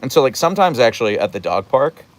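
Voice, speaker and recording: A chatty man talking outdoors in light rain during a casual live stream. His pitch leaps up and down freely as he answers viewers' questions, and the middle of his voice sits at an ordinary height. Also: fast. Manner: chatty and animated, acting out his dogs in funny voices. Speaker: host answering live chat.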